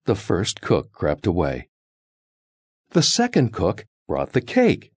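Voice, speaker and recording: A man reading a children's story aloud in a slow, expressive, sing-song way. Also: low voice, breathy edge, no echo.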